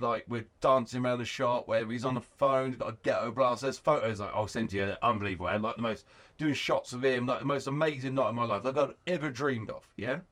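Man, thirties, lively storyteller, swears freely, acts out voices, middle-pitched voice. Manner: animated, profane, acts out quoted voices. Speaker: guest, garage owner. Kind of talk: casual storytelling interview.

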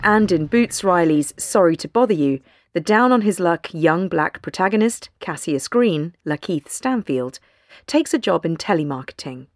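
A woman narrating a news feature in a measured, deliberate way. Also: lowish voice, animated, dry recording, soft background music. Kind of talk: scripted narration.

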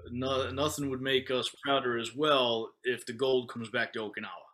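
A man's voice: mid-range voice, fairly even intonation, normal speed, fairly bright tone. American guy cohosting a podcast, laid back, chatty. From United States. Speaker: podcast co-host, karate teacher. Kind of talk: casual chat.

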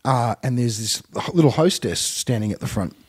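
A middle-aged Australian man telling a lively story as a podcast guest. He acts out the people he quotes and laughs often. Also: mid-range voice, moderate pace, husky. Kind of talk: animated anecdote on a podcast.

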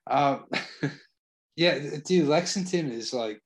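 A man's voice: a little high, expressive, takes it slowly, crowd noise. A man co-hosting a casual chat, with laid-back, skeptical banter.

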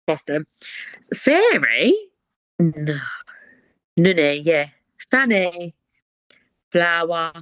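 A woman's voice: on the low side, no room sound. A woman, hosting a podcast in casual chat, chatty and given to dramatic reactions. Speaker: podcast host.

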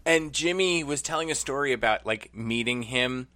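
A man co-hosting a podcast, chatting casually and recapping an episode with quick asides and bursts of laughter. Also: mid-range voice, pushed and bright. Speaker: podcast co-host.

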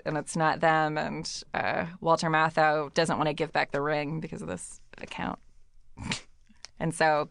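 A woman's voice: sits low, vocal fry, fairly bright tone, no room sound, studio quality. A woman co-hosting a casual chat, retelling a movie plot in a rambling, giggly way, full of fillers and restarts. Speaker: podcast co-host.

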